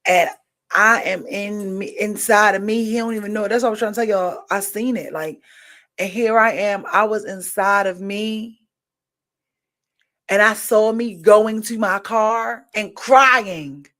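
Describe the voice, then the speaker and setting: Slow-talking emotional woman podcast host. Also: mid-range voice, fairly even intonation, fairly bright tone. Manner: emotional, rambling, repeats herself. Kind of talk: candid personal monologue.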